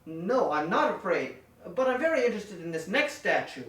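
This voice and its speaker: A man voicing an earnest, literal-minded masked wrestler hero with a deadpan delivery. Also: high voice, moderate pace. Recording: echoey room, distant mic.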